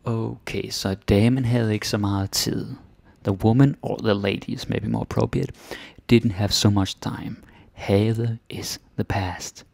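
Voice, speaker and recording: A low, gravelly man with a Danish accent talks through grammar in a relaxed lesson, tossing in Danish tag words as he goes. The sound is dry and close, with no room around it. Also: a little slow, no echo. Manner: chatty, drops in Danish tag words and little laughs. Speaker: Danish teacher. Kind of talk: casual explanatory lesson.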